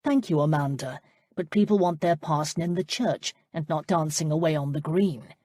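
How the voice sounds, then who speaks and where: Female narrator as a soft-spoken young parson, low husky voice, kind and modest. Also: moderate pace, no echo, clean studio sound. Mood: gentle. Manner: kind, restrained and gently self-mocking. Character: gentle, modest young male country parson. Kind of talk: audiobook character voice.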